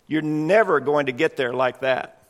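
A preacher playing a calm, gentle heavenly man. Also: a little high, moderate pace, natural voice. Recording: long reverb in a hall.

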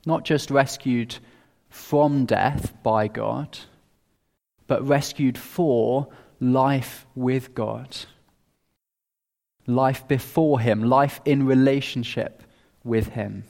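A man preaching an expository sermon in a measured, earnest way, with small restarts. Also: medium pitch, fairly even intonation, gravelly, darkish tone. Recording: long reverb of a large hall.

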